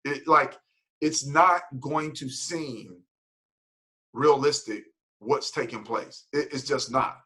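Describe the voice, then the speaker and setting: A man leading a motivational team call, energetic and preachy, repeating himself for emphasis. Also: mid-range voice, slow pace, low-quality recording. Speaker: team leader.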